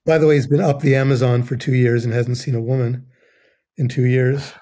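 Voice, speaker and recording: A man's voice: medium pitch, fairly even intonation, brisk, warm tone. A man who works as a writer, making wry points in a casual film discussion. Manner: wry, questioning asides.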